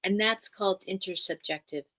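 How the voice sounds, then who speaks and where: A woman's voice: medium pitch, moderate pace, pushed and bright. A woman therapist as a podcast guest, speaking earnestly and emphatically in a teaching manner and repeating key phrases.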